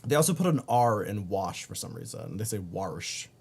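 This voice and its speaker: A man's voice: mid-range voice, sing-song, fast, darkish tone, husky. A man from Baltimore with a Baltimore accent, chatting casually and profanely on a gaming stream while reading chat aloud. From Baltimore, USA.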